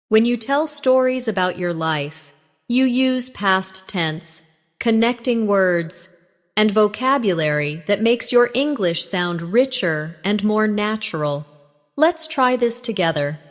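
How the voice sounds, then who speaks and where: Slow, calm woman teaching English phrases. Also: mid-range voice, in a large hall. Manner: calm, clear modelling of phrases for repetition. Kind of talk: slow shadowing practice lesson.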